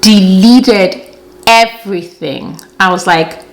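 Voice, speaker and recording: A young woman in a casual storytime monologue, recounting events in an animated, exasperated way with plenty of slang. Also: mid-range voice, takes it slowly. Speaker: storytelling vlogger.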